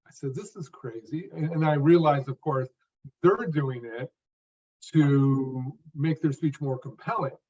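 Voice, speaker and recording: Older man, slightly high voice, deliberate phrase-by-phrase delivery, dull distant video-call sound. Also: fairly even intonation, darkish tone. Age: 50s or older. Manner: speaks in distinct phrases, stressing a word near each phrase end. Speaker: stuttering coach and guest. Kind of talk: interview answer, explaining his method.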